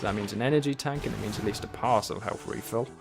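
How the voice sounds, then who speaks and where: A man's voice: lowish voice, quick pace, gravelly. Male game streamer, casual wry self-talk while playing, faint music underneath. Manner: rambling, wry, talks to himself and the game. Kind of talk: casual gameplay commentary.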